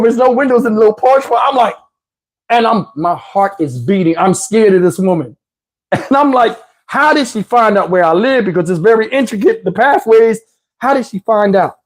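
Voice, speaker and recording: A middle-aged man casually telling a comic personal story to his viewers, animated and slangy, with frequent restarts and asides. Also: high-pitched.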